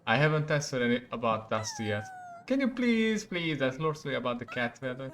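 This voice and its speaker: A Hungarian-accented man voicing an eager young princess who fires off quick curious questions. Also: mid-range voice, big pitch swings, fairly bright tone, slight background noise.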